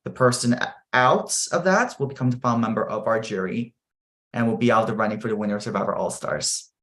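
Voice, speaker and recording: A man hosting an online game show, reading out votes in a measured announcing manner. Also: lowish voice, fairly bright tone.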